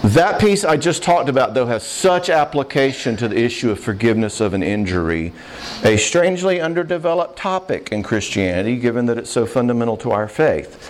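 A man's voice: mid-range voice, sing-song, brisk. A man speaking in a mid-range voice with an earnest, conversational manner, like a sermon that drifts into casual asides. He talks with feeling and keeps checking in with his listeners. A faint hiss of background noise sits under the recording. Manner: earnest, conversational, emotional at times. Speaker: Christian speaker on marriage and forgiveness. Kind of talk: sermon-style talk.

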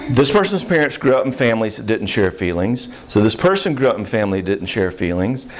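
A middle-aged man gives a casual seminar talk and answers questions from the audience. He tells stories with a lot of animation and slips into the voices of the people he quotes. His pitch rises and falls widely. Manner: animated storyteller who acts out the people he quotes.

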